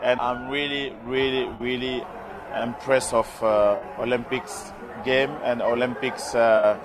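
A man speaking English with a French accent, his voice hoarse, answering questions in a live interview with many pauses, fillers and restarts. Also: medium pitch, level tone. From France. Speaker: interviewee, former rugby player. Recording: loud crowd behind, outdoor event.

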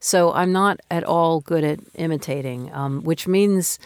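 A woman's voice: deep voice, unhurried, clean tone, no room sound, clean studio sound. A woman in her fifties, a novelist speaking in an interview, talking in a thoughtful, reflective, conversational way. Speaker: novelist guest.

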